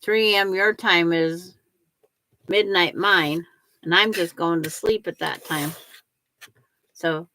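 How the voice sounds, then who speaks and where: An older woman chats away unhurriedly as she sews, her voice sitting a little low. She answers viewers and narrates each quilting step to herself. The sound is dry and close, with no room echo. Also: bright, forceful tone. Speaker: quilting livestream host. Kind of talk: casual chat while sewing.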